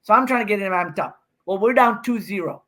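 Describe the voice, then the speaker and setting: A man in his fifties, a podcast guest, telling an animated story and acting out what he said in a raised voice. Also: high voice, a little fast. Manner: excited, acts out his own quotes with raised voice. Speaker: guest, professional pickleball player.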